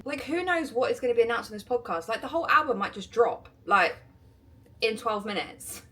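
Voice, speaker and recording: A woman vlogging casually at home, excitable and giggly, rambling with lots of fillers. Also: fairly high pitch. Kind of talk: casual vlog chat to camera. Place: indoors at home, getting ready. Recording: echoey room.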